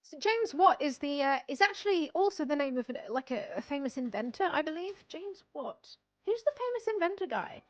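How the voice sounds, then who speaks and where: A woman's voice: high-pitched, very animated, brisk, dull audio. A young woman chatting casually on a livestream, rambling and self-deprecating, laughing often. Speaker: streamer.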